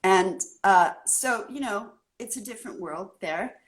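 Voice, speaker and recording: A woman from California, a guest artist in a casual interview, telling her story in an animated way and acting out the scene. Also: medium pitch, a little slow.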